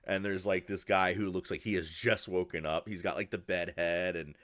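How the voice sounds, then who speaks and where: Low-voiced man running a tabletop game. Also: steady tone, moderate pace, fairly bright tone, no room sound, clean studio sound. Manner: rambling, many fillers and restarts. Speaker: game master.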